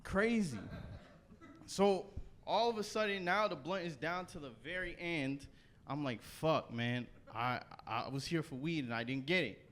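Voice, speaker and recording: Young Canadian stand-up comic, raunchy storyteller, slightly high voice, faint room rumble. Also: male voice, unhurried. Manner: loose, profane storytelling with animated bursts. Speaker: stand-up comedian. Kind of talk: stand-up set. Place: comedy stage before a live audience.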